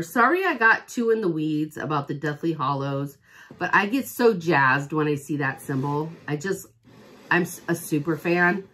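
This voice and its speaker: In an unboxing vlog, a woman working as a home-fragrance consultant chats casually with her viewers, rambling and gushing like a devoted fan. Her voice sits low and has a slight roughness.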